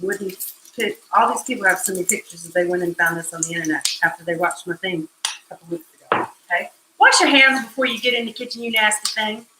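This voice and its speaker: A woman's voice: mid-range voice, expressive, fast talker, roomy sound, background noise. A woman hosting a casual live cooking stream from her home kitchen, chatty and joking in a folksy way.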